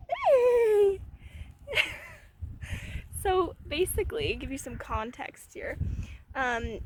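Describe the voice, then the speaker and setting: A woman vlogging outdoors by a barn on a phone camera, cooing in a high baby-talk voice now and then. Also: noisy background. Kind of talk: casual vlog.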